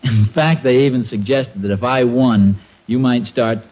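A man's voice: mid-range voice, normal speed, lightly acted. A man acting a sheepish, stammering husband in a 1940s radio sitcom, muffled old recording.

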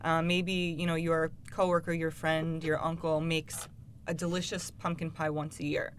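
Woman guest expert, steady and even advice, slight background hiss. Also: low voice. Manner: calm, measured, lots of you-know fillers. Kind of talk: casual advice chat.

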